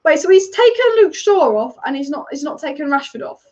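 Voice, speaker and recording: A woman with a high, sing-song voice and a darkish tone hosts a football fan channel's live watch-along, with the highs cut off. Chatty and opinionated, she reacts rapid-fire to the match and reads comments from viewers.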